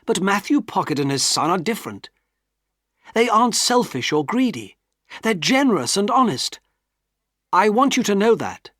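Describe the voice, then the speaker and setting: A man's voice: high-pitched, big pitch swings, normal speed, long pauses, fairly bright tone, no room sound, pitched above the performer's own voice, exaggerated voice. A man voicing an earnest, heartbroken young man who pleads with trembling emotion, in a dry storybook reading. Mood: pleading.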